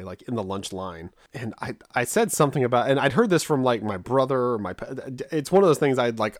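A man's voice: mid-range voice, no room sound, studio quality. A man from Kansas, co-hosting a podcast, telling a childhood story in a rambling, self-mocking way with frequent restarts. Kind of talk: casual storytelling chat.

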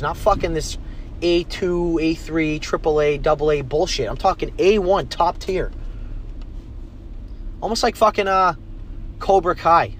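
A man's voice: fairly high pitch, slight background noise. Profane young man ranting while driving. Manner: profane, blunt, rambling. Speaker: podcast host. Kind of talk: casual rant while driving. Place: in a car on the road.

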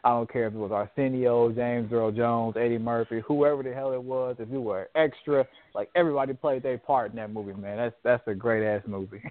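A man's voice: mid-range voice, steady tone, fairly quick, hardly any pauses, no echo. A man in casual chat about a favorite movie, laughing often and quoting lines in raised voices. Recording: phone-like narrow sound.

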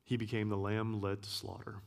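A man giving a sermon as a guest preacher, earnest, repeating key phrases and sometimes dropping to a hush. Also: lowish voice, level tone, normal speed, vocal fry. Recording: long hall reverb.

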